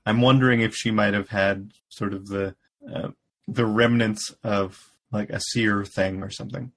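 A man co-hosting a casual podcast, calmly summarizing a story and laughing along. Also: on the low side, moderate pace, rough recording. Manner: relaxed and matter-of-fact, laughs at the jokes. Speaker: podcast co-host. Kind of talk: casual chat, retelling a story.

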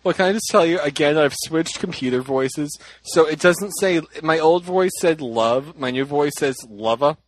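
A man's voice: a little high, moderate pace, few pauses, a little hiss or hum, poor audio. A man hosting a casual chat, rambling, laughing and acting out quoted lines. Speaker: podcast host.

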